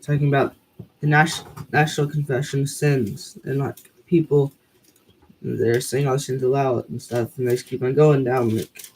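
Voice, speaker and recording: A man who is losing his voice hosts a Bible reading channel, reading scripture aloud and then giving a rambling recap packed with fillers. His mid-range voice is slightly mellow, with fairly even intonation and normal speed. The audio is poor, with slight background noise.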